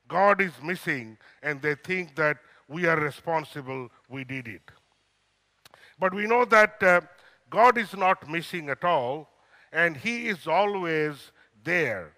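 Casting: older man, pastor, slow unhurried sermon delivery, bright tone, church hall reverb. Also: a little high. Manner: storytelling, slow and deliberate with frequent "uh" fillers.

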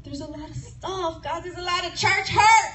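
A woman from Chicago with a very high, fairly bright voice gives a testimony sermon at a women's retreat, speaking at a moderate pace. She animatedly shares a personal story, acting out conversations and often laughing or growing tearful. The room is echoey, recorded from far away with noise.

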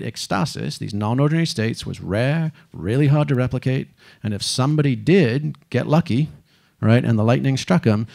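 Gravelly man giving an animated talk. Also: on the low side. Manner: animated, swearing, acts out quotes. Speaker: speaker. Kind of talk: lively stage talk.

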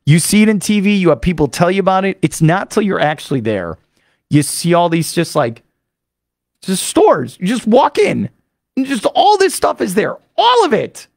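A man hosting a sports radio show, telling a rambling, excitable story full of fillers into a studio microphone. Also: high-pitched, moderate pace, creaky, dry recording. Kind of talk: animated monologue recapping a trip.

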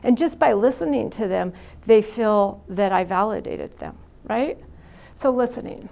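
A woman's voice: mid-range voice, expressive, unhurried, vocal fry, darkish tone. A middle-aged woman who is a psychiatric nurse gives a frank, chatty university lecture full of anecdotes and "you know" fillers. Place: university classroom.

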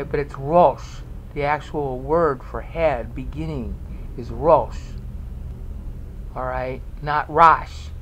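A man's voice: a little high, slight background noise, low-quality recording. A man presenting a Bible study video lecture, explaining step by step and often checking in with the listener.

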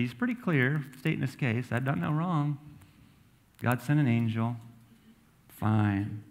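A man's voice: mid-range voice, slow, long pauses. Conversational preaching man. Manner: conversational preaching, reading scripture aloud with asides. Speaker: pastor. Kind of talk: sermon. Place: church sanctuary.

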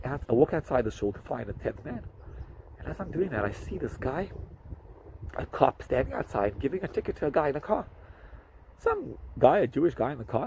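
A man, a rabbi, telling a story to camera in an animated way, with hesitant restarts and fillers. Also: a little hiss or hum, rough recording. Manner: animated, jumps up in pitch for quoted speech.

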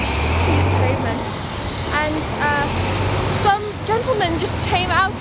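A woman voicing a genteel, affected posh lady in a mock British accent, filmed walking down a street on a handheld camera. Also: very high-pitched. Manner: affected, drawn-out politeness. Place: outdoors on a town street, walking. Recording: loud street traffic noise.

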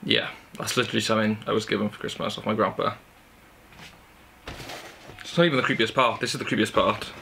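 A man's voice: lowish voice, steady tone, fast, creaky, long pauses, background noise. A young man, chatty and enthusiastic, showing off his Christmas gifts at home in a casual haul video. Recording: background music under the voice. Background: music playing.

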